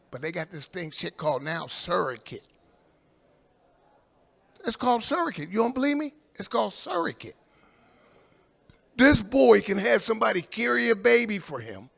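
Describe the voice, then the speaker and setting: An older man from Indianapolis, USA, performs a stand-up set on a live comedy stage, rambling through long profane stories and shouting the lines of the people in them. His voice is high-pitched with vocal fry.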